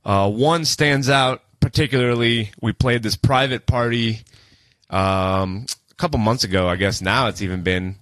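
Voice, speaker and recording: Male podcast co-host, loose rambling storyteller who swears a lot, mid-pitched, dry close sound. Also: unhurried, fairly bright tone, no room sound. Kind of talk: casual chat.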